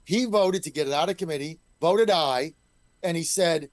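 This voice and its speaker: Emphatic and combative, a middle-aged state legislator speaks as a guest on a call-in talk radio show. His voice is on the high side, his pace moderate, and there's no echo.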